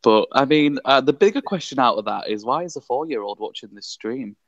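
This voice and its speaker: A young man with a posh English accent talks as an interview guest over a video call. He is crisply articulate, pokes fun at himself and laughs often. His voice sits at a middling pitch, coming through dull, lo-fi call audio. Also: lively intonation, brisk, no room sound. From Leeds, England. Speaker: councillor guest. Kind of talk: casual interview chat.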